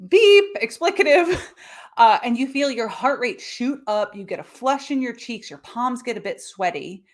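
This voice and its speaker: A woman with a fairly high voice hosts an educational health podcast. Her pitch swings widely as she explains, and she slips into playful mini-voices for her examples. The delivery is chatty and expressive. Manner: animated, acts out little voices for examples. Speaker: podcast host. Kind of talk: live-streamed educational podcast talk.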